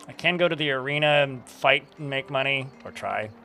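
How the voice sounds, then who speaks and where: A young man giving casual gameplay commentary, joking and rambling, thinking out loud and swearing freely. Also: mid-range voice, a little fast, creaky, soft background music. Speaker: streamer playing a game.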